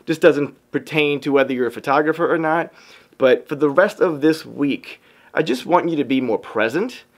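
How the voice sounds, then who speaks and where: A man who works as a photographer, giving an upbeat motivational talk to his viewers and calling them y'all. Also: medium pitch. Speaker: photographer and vlogger.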